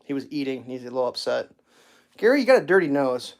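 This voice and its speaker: Hosting a relaxed livestream from home, a man rambles through stories, stammering as he restarts, and slips into baby talk with his cat. He speaks quickly in a mid-range voice with big swings in pitch.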